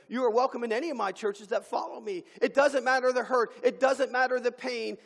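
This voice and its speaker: Pastor, male, high gravelly voice, impassioned sermon, big church reverb. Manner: impassioned preaching with dramatic pauses. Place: church sanctuary. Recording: long hall reverb.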